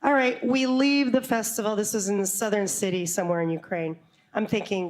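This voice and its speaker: A woman telling a true story live on stage to an audience, animated and quick to laugh, with comic asides. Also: medium pitch.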